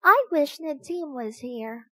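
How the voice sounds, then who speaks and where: A woman voicing a clever, self-assured young girl in a storybook, confident and a bit louder. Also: high-pitched, lively intonation, slow, no echo, full character voice.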